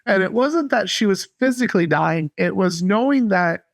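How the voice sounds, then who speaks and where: A man from North Carolina, a podcast guest, telling a faith story earnestly and haltingly. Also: sits high, expressive, creaky, no room sound. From North Carolina, USA. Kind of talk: casual faith testimony.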